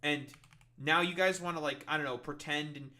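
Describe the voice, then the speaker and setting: A man's voice: a little high, steady tone, moderate pace, sharp tone. A man streaming and ranting in casual reaction commentary, swearing and mocking other people's voices.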